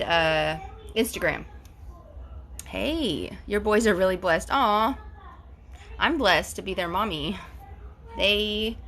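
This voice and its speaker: A woman's voice: mid-range voice, a bit bright, slight background noise. A woman in her forties chatting effusively on a phone live stream, reading out viewers' comments as host. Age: 40s. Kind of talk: casual live-stream chat.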